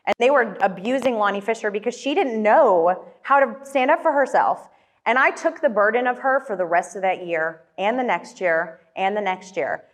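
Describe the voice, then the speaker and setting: A woman's voice: mid-range voice, fairly bright tone. A woman motivational speaker telling a personal story to an audience in a casual way, with many fillers and questions thrown to the crowd.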